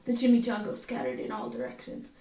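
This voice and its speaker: A woman reading a children's picture book aloud at bedtime, in an expressive, sing-song way with playful voices. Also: mid-range voice, fast, far from the mic. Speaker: storybook reader. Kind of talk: bedtime story read-aloud. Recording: echoey home room.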